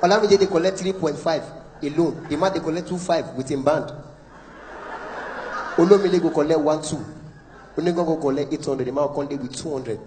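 A man with a Nigerian accent doing fast, animated stand-up that keeps breaking into song, recorded live in a large concert hall. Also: fairly high pitch, a little hiss or hum. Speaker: stand-up comedian. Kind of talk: stand-up comedy with Pidgin asides. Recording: echoey hall, live show.

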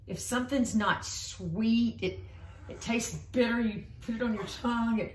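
Patient woman tutor in an echoey room. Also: on the high side. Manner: patient, encouraging, slow and clear explanations. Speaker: reading teacher. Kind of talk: one-on-one phonics tutoring.

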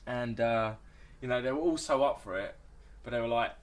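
A man, a dating coach telling animated stories in a casual podcast chat. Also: medium pitch, moderate pace. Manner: animated anecdotes with acted-out quotes.

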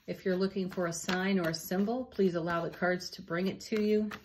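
Woman doing a card reading, kinda low voice, soft and encouraging. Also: fairly even intonation, fairly quick, slight background noise. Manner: gentle, encouraging, laughs softly between cards. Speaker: tarot card reader.

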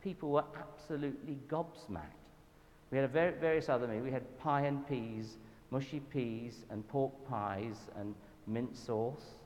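A man with a Southern English accent speaks at a church gathering, recounting mission stories in a lively, self-deprecating manner. His voice sits in a mid range. It rings with a long hall reverb over faint background noise. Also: medium pitch, measured pace. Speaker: guest speaker at a church event. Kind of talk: storytelling sermon talk.

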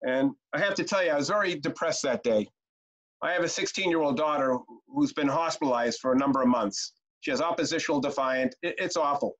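A middle-aged youth care trainer leads a training webinar with lots of energy, telling stories and chanting short rhymes in an animated way. His voice is on the high side and a little fast. Heard over a video call, the webinar audio is dull and lo-fi.

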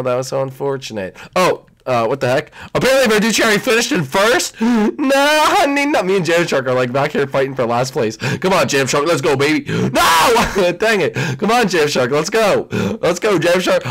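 Excitable young man shrieking over gameplay. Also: fairly high pitch, normal speed, few pauses. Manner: excitable, swings from mumbling to shrieking; playful trash talk with teammates. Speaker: gaming channel host. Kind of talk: live gameplay commentary.

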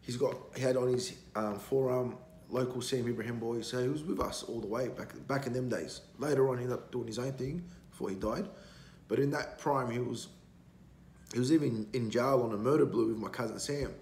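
A man's voice: medium pitch, fairly quick, creaky, darkish tone. A man, a podcast guest telling stories in a blunt, rambling, heavily profane way. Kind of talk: casual storytelling. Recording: roomy echo, faint background noise.

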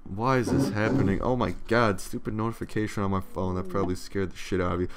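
Gravelly young man rambling over gameplay. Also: on the low side, fairly even intonation, fast talker, noisy background. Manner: rambling, profane, yawning often. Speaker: let's play commentator. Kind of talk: casual gameplay commentary.

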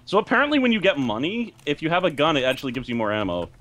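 A young man in a casual gaming chat, making dry, deadpan quips. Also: on the high side, rapid-fire.

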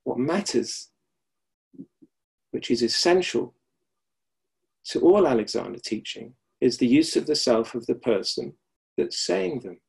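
A man's voice: mid-range voice, lively intonation, a little slow, gravelly, long pauses, darkish tone, slightly rough. A middle-aged man teaching the Alexander Technique in a webinar, reflective and repeating key phrases for emphasis, heard over a video call. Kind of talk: webinar lecture with anecdotes.

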